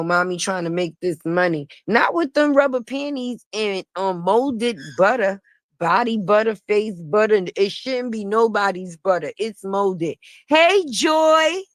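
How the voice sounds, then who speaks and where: A woman's voice: medium pitch, dry recording. A woman giving casual gossip commentary on a livestream, blunt, sassy and profane, laughing often. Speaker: online commentator.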